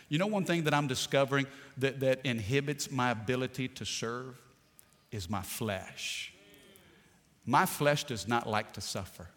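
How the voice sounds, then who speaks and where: A man's voice: medium pitch, sharp tone. A male pastor preaching a sermon, calling out to the congregation and slipping in playful jokes. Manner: preachy call-and-response, playful asides. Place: church sanctuary. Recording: long hall reverb.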